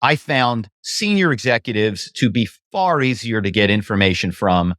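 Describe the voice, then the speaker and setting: A man's voice: on the low side, moderate pace, no room sound, studio quality. A man, a former actor and author, telling stories as a podcast guest and acting out phone calls in different voices. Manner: animated, acts out phone calls. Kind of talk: casual storytelling interview.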